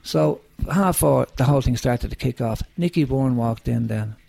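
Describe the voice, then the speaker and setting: Gravelly Dublin man, sweary storyteller. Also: mid-range voice, normal speed, dark tone. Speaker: rock singer, guest. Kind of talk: casual interview chat.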